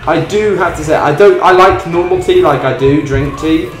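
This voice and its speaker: A man's voice: fairly high pitch, moderate pace. Young man, British accent, rambling livestream chat, ums and restarts, echoey room. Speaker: livestream host. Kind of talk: casual chat while cooking and reading chat. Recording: roomy echo, faint music behind.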